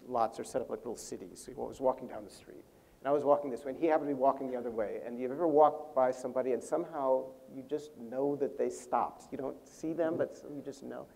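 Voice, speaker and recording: An older man, a convention panel guest, telling an animated story and acting out quotes, laughing often. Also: medium pitch, a little fast, gravelly. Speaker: interview guest, language creator. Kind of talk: storytelling anecdote on stage.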